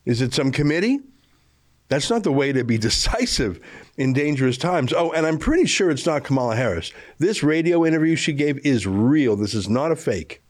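Scornful, animated male commentary host. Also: on the high side, moderate pace. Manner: scornful, emphatic. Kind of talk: scripted political commentary.

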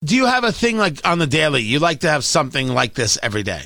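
Guy hosting a talk show, ranting n sarcastic, voice jumps all over, pretty high. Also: expressive, fast, vocal fry, sharp tone, no echo, studio quality. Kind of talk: opinionated political monologue.

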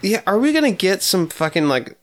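A man co-hosting a podcast in casual chat, sarcastic and profane in quick banter. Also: sits high, big pitch swings, a bit bright. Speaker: podcast co-host.

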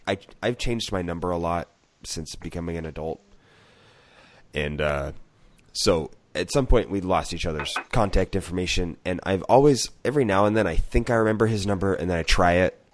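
A man's voice: low voice, dry recording. A man co-hosting a podcast, chatting casually and stammering his way into anecdotes. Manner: relaxed storytelling, stammers into anecdotes. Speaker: podcast co-host. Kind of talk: casual chat.

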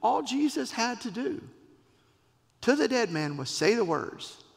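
A man preaching a sermon, expressive, with dramatic pauses and voiced quotes. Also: very high-pitched, vocal fry, long reverb tail. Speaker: pastor.

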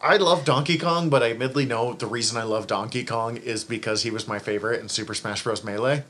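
A man's voice: medium pitch, fast talker, a bit bright. A man co-hosting a casual movie podcast, rambling and correcting himself as he talks. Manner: rambling, self-correcting, laughs often. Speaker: podcast co-host. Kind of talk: casual chat.

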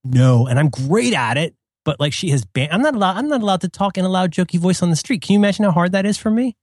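A middle-aged man chatting as a podcast co-host, playful and animated, slipping into goofy bits. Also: sits high, fast talker, no echo, studio quality. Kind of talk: casual chat.

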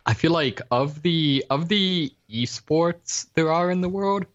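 A man with a fairly high, expressive voice speaks slowly in casual podcast chat, rambling with lots of fillers and restarts. The lo-fi recording sounds slightly dull.

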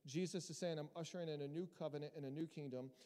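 A man preaching a sermon as pastor, lively and emphatic, rising to loud peaks as he presses his points to the congregation. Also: on the high side, fast. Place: church hall. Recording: long hall reverb.

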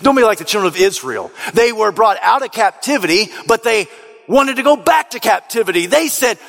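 A man preaching a sermon as pastor, swinging from soft, low asides to shouted, rising appeals. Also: very animated, brisk, creaky, soft background music. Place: church sanctuary. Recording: long reverb of a large hall.

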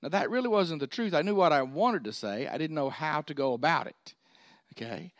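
A man's voice: a little high, animated, a little fast, no echo, clean studio sound. A man preaching a sermon, folksy and often checking in with his listeners. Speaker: pastor.

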